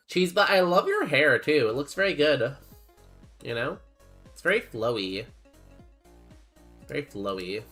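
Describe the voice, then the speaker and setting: A man's voice: mid-range voice, pushed and bright. A young man streaming a game, chatting casually and rambling as he reads chat aloud in a laid-back way.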